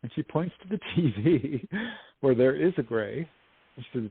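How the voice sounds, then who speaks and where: A man as an interview guest telling a story in a casual, animated way, acting out what people said, over a dry phone line. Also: medium pitch, normal speed, slightly rough, no echo. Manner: animated storyteller, acts out quotes. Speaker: guest, UFO investigator and author.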